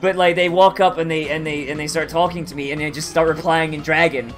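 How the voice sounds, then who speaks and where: A man's voice: fairly high pitch, steady tone, fast talker, faint music behind. A man streaming a game, telling a story in a rambling, swearing, filler-heavy casual chat.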